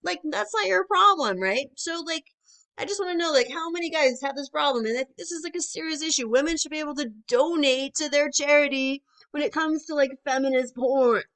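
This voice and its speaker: A woman's voice: high-pitched, a little fast. A young woman doing conversational stand-up comedy, chatty with lots of filler words and rising asides to the crowd.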